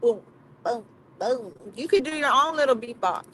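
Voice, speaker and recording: A woman's voice: fairly high pitch, lively intonation, normal speed, a bit bright, slight background noise, poor audio. A woman co-hosting a casual livestream from a car, teasing and bantering playfully. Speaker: livestream co-host.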